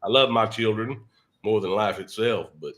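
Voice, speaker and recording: Low, bright-toned folksy man. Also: normal speed. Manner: folksy storyteller, repeats words. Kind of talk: casual chat.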